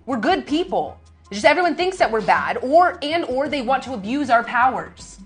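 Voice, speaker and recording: A woman plays a tabletop game, speaking in character and sighing now and then. Her voice is higher and swings widely in pitch. Faint music plays behind. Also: very animated, normal speed. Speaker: player. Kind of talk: casual tabletop play.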